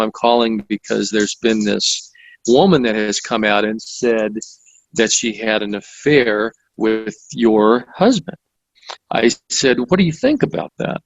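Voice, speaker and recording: A man's voice: mid-range voice, no room sound, poor audio. A man, the guest author, recounting stories in conversational interview style, with frequent restarts and fillers. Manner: storytelling with many restarts and fillers.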